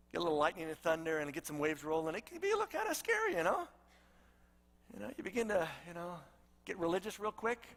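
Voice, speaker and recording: A man's voice: sits high, a bit bright, big-room sound. A man preaching a sermon as pastor, in a casual storytelling way with lots of conversational asides.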